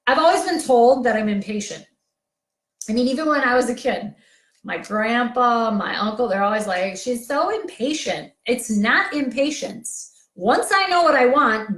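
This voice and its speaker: Blunt, energetic woman coach. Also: fairly high pitch, fairly quick, roomy sound. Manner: blunt, energetic, pep-talk delivery. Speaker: coach for sensitive people. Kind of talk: motivational talk to camera.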